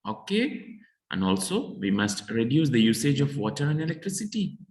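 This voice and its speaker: A man's voice: mid-range voice, big pitch swings, normal speed, a little mellow. A man teaching a French lesson: he reads French lines aloud, then translates and explains them in English. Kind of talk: bilingual language lesson. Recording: echoey room.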